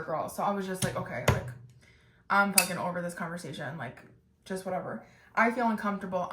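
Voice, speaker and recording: A young woman in her twenties telling a story, loose and chatty, full of "like" and casual swearing. Her voice sits at a middle pitch. The room around her echoes noticeably. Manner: chatty, swears freely, full of "like", mimics others with animated bursts. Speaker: podcast host. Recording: roomy echo.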